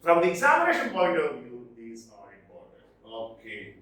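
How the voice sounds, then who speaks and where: A man teaching a literature lesson, repeating key terms slowly and stressing what matters for exams. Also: on the high side, wildly swooping pitch, fairly bright tone. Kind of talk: classroom lecture. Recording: echoey room, voice far from mic.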